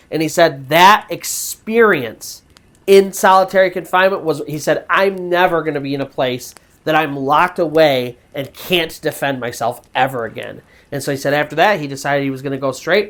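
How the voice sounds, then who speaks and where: A man hosting a storytelling channel, retelling a true ghost story in a loose, conversational way with fillers and restarts. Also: a little high. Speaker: storyteller host.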